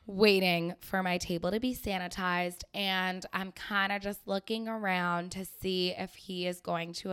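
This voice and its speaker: Young woman, podcast host, bright voice, sarcastic casual storytelling. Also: medium pitch, clean tone. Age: young adult. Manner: chatty, sarcastic, laughs often.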